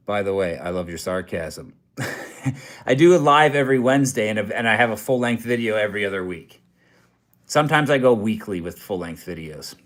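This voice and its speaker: A young Canadian man hosting a true crime comedy channel, chatting loosely from a hotel room and reading viewer comments with lots of fillers. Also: fairly low pitch. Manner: loose, self-deprecating, rambling with many fillers. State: tired. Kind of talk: casual livestream chat reading viewer comments.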